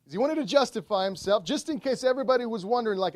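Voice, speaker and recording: Animated man preaching a sermon. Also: very high-pitched, racing, dry recording, clean studio sound. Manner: animated storytelling, acts out voices in retelling. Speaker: pastor.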